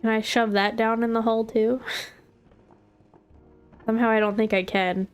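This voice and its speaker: Faint music plays behind this woman's casual gameplay commentary, where she jokes to herself while playing. Her fairly high voice is smooth and measured, with a flat delivery.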